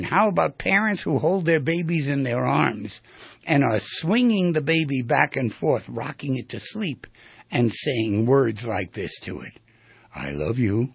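Very raspy, gravelly male lecturer. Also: medium pitch, no echo, lo-fi sound. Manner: animated, asks the audience questions. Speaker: therapist giving a talk on the voice. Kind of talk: lecture with storytelling.

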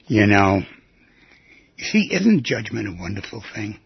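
Man, radio call-in host, rambling and jokey, lively swinging pitch, dull lo-fi radio sound. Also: measured pace, creaky, husky, no echo. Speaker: radio talk show host.

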